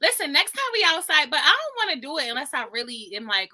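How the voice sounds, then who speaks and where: A woman's voice: high voice, expressive, sharp tone. A woman co-hosting a podcast, joking around and interviewing a guest in casual chat. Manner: joking, quick, asks questions. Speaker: podcast co-host.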